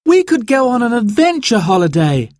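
A man voicing an excited young schoolgirl in a storybook reading, in a high bright childlike voice. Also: unhurried, no echo, clean studio sound.

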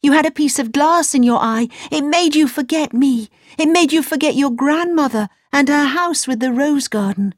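Woman doing a brave, loving little girl in a high eager voice for a storybook. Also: normal speed, hardly any pauses, no room sound, clean studio sound, close to an everyday voice.

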